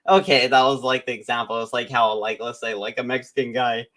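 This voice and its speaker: A man's voice: medium pitch, brisk, fairly bright tone. A man in the middle of his range, riffing casually as a stream host. He rambles, jokes and stops himself mid-thought while reacting to a clip. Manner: rambling, joking, self-interrupting. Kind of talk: casual commentary.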